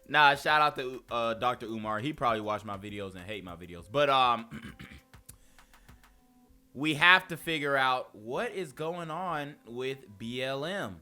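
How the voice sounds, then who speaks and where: Slow, bright-voiced young man reacting. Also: medium pitch, animated, clear, resonant tone, faint music behind. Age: young adult. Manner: laughing, slangy and loose. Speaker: commentary host. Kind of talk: casual reaction commentary.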